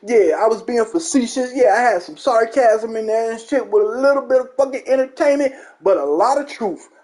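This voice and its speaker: On his own gaming channel, a young man launches into an emphatic rant about games, swearing and mocking as he goes. He has a high voice with a slightly mellow quality.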